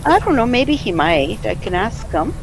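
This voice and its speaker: A woman's voice: mid-range voice, very animated, normal speed, a loud crowd, rough recording. A middle-aged woman hosting a live art show in casual chat, laughing often.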